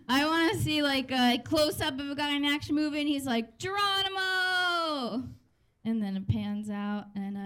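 A woman in her thirties doing a stand-up comedy set in a club, chatty and sardonic, laughing through her lines. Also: fairly high pitch. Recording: noisy live club recording.

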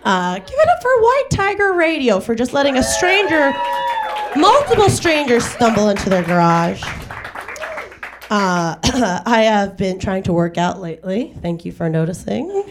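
A woman doing a wry, self-deprecating stand-up set in front of a live audience, with quick acted asides. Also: a little high, big pitch swings, a crowd in the background, noisy background. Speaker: stand-up comedian. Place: garage venue with live audience.

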